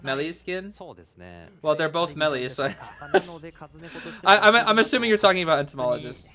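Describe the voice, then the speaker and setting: A young man giving casual live commentary on a tournament match as a streamer, excitable, cheering players and answering chat. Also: a little high, moderate pace.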